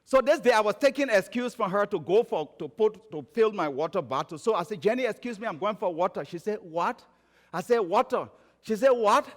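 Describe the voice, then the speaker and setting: A man from Liberia with a Liberian accent, preaching a sermon and telling stories, moving between emphatic raised phrases and quiet low ones. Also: animated, fast, hardly any pauses. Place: church sanctuary. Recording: church sanctuary with long reverb.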